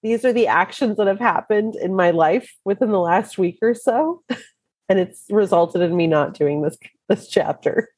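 Hoarse, laughing podcast woman. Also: medium pitch, moderate pace, a little mellow, no echo. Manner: laughs often, chatty storytelling. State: hoarse from illness. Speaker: podcast co-host. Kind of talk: casual chat.

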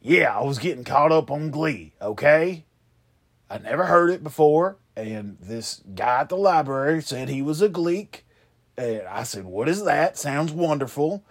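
A man hosting a comedy show, rambling and trading deadpan, profane insults in a one-sided phone call. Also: mid-range voice, measured pace.

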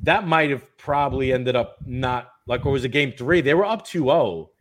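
A man co-hosting a casual sports talk show, animated and emphatic, tagging points with "right?" and "okay?". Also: mid-range voice, moderate pace. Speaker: co-host of a bowling talk show.

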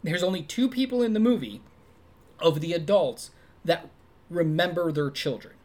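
Animated man reviewing a film casually. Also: moderate pace. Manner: animated, acts out quoted lines in high voices. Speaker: podcast co-host. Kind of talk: casual movie review chat.

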